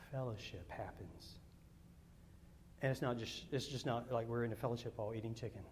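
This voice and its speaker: A male pastor preaching a sermon, telling personal stories in a rambling way, repeating words and swinging from loud to hushed. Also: mid-range voice.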